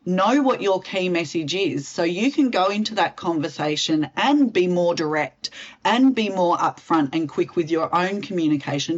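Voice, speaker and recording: A woman, a communications specialist answering interview questions in a direct, expressive way and acting out example lines. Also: fairly low pitch, lo-fi sound. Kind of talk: interview answers, expert advice.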